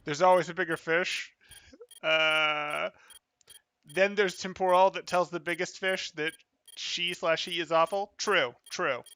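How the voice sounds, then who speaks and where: A man coaching a player through live gameplay, brisk and emphatic, repeating his key points. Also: a little high, fairly even intonation, noisy background. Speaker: game coach.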